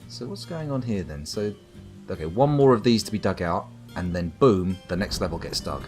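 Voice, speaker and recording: A man with a lowish voice that swings widely up and down delivers dry, rambling commentary as he plays a game live. He keeps up an easygoing patter with viewers, full of wry asides, over faint music playing underneath. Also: expressive, moderate pace, darkish tone. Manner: wry, rambling, talks to chat. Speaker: streamer. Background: faint background music.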